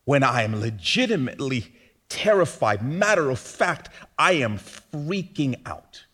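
Animated preacher man, slow and lively. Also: mid-range voice, husky. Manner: animated, swings from hushed to loud bursts; conversational, asks rhetorical questions. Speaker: pastor. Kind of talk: sermon.

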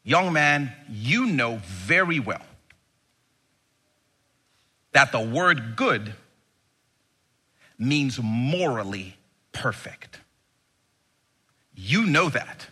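Male preacher, lively delivery, slow and deliberate, husky edge, emphatic sermon with rhetorical questions. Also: a little high.

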